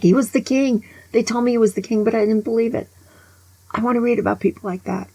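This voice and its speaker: A woman over sixty-five giving a casual, opinionated monologue as a vlogger. She is an animated, grumbling storyteller who often drops to a whisper. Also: medium pitch, creaky, husky, dry recording, rough recording.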